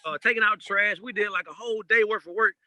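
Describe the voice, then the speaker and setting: A man, a DJ and a father, telling personal stories in a casual podcast chat, animated and laughing as he goes. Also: high-pitched, fast, no room sound, low-quality recording. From Georgia, USA. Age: adult parent. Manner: animated storyteller, laughs through anecdotes. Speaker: guest DJ.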